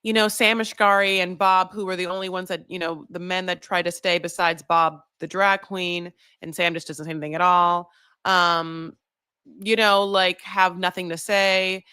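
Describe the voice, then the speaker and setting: A woman's voice: on the low side, steady tone, moderate pace, pushed and bright, smooth, no room sound, clean studio sound. A woman giving a casual, rambling recap of a reality show, full of "like" and "you know". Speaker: recap vlogger.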